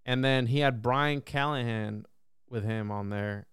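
A young man telling a long story in a casual podcast chat, animated and full of swearing and restarts. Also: medium pitch, clear, resonant tone, no echo. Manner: animated, heavy swearing, quick repeated restarts. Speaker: podcast guest.

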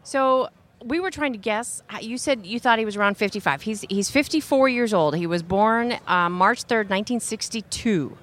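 A woman co-hosting a casual radio talk show, chatty and quick with questions. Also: a little high, a bit bright. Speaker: radio co-host.

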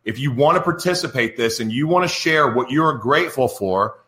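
Male host of a live radio show, bright voice, roomy studio, chatty and rambling. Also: mid-range voice, expressive, moderate pace. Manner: rambling, chatty, talks to live viewers by name. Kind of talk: casual live radio talk.

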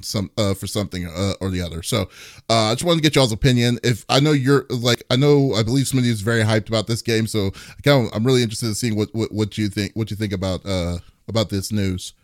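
A man's voice: mid-range voice, no room sound, studio quality. A man co-hosting a gaming podcast, talking casually and rambling with many fillers and restarts. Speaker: podcast co-host. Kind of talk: casual chat.

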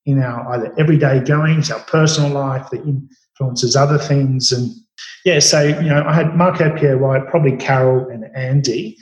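Chatty chef, echoey room. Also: male voice, mid-range voice, normal speed, lo-fi sound. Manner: relaxed, rambling, many fillers and restarts. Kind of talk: storytelling interview answers. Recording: roomy echo.

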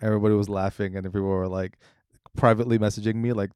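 A man's voice: lowish voice, level tone, fast talker, darkish tone, clear, resonant tone, dry recording. Podcast guy rambling thoughtfully, lots of um and like, dry close mic. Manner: rambling, reflective, many fillers and restarts. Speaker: podcast co-host. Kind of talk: casual chat.

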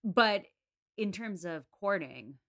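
Wry, bright-voiced woman co-host. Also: mid-range voice. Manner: animated, wry, quick to joke and laugh. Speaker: podcast co-host. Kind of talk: casual book-discussion chat. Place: apartment room in a city.

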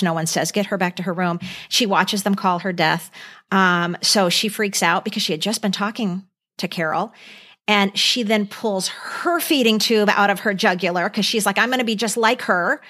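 Middle-aged woman, podcast co-host, casual chat, earnest and chatty, lots of "um"s, ordinary mid pitch. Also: a bit bright. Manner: earnest, chatty, many fillers. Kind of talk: casual chat, recounting a movie.

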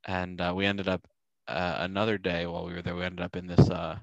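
A man's voice: low voice, monotone, brisk, highs cut off, a little hiss or hum. A man chatting casually and telling rambling stories, with many ums and uhs. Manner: rambling storyteller, many ums, acts out quotes. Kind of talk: casual chat.

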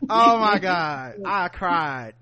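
A man's voice: high-pitched, huge pitch swings, very slow, muffled recording, crowd noise. A man co-hosting a podcast, recapping a show animatedly, laughing often and acting out the characters in slang. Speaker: podcast co-host.

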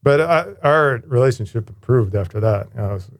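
A man in his forties, a former firefighter paramedic, telling his life story in a candid, animated way with casual swearing. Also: medium pitch, moderate pace.

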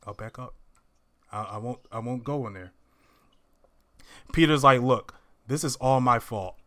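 A man's voice: mid-range voice, unhurried, fairly bright tone. A man casually retelling a movie scene by scene to friends, acting out the characters' lines. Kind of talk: casual movie recap chat.

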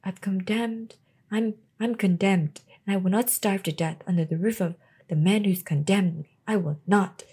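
A woman's voice: mid-range voice, normal speed, warm tone, slightly rough, natural voice. A woman reading the lines of a desperate, defiant young woman in a novel, in her own plain voice with some stumbles.

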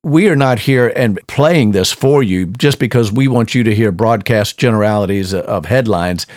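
A man's voice: on the low side, moderate pace, darkish tone, no room sound, clean studio sound. A man hosting a show, giving emphatic casual commentary and often repeating and restarting words. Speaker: show host.

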